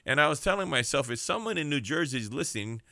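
A man's voice: on the high side, expressive, quick pace, vocal fry, sharp tone, no echo, clean studio sound. Fervent preacher man on radio. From Hawaii. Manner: fervent, preacherly, rhetorical repetition. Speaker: radio preacher and prison minister. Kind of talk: radio sermon and shout-outs.

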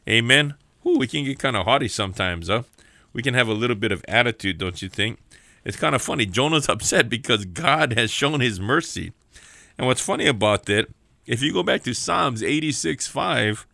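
A man's voice: mid-range voice, lively intonation, normal speed, gravelly, bright, forceful tone, no room sound, studio quality. A man preaching a sermon as a prison minister, emphatic, repeating phrases and building with rising calls.

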